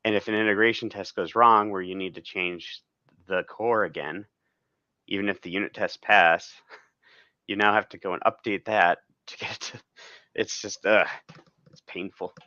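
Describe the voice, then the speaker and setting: A man's voice: on the low side, steady tone, normal speed, pushed and bright, no room sound. A man talking casually as a podcast guest, rambling and laughing often. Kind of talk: casual chat. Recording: dull, dry lo-fi sound.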